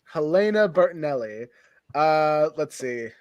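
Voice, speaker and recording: A man's voice: a little high, expressive, a little slow, no echo, lo-fi sound. A man chatting casually on a podcast as co-host, rambling with frequent laughs and acted-out quotes. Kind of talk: casual chat.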